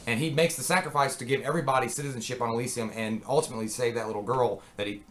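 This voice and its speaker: A man's voice: medium pitch, fairly even intonation, racing, fairly bright tone, slight background noise. A man co-hosting a casual movie review chat, talking in a rambling, profane way with frequent restarts.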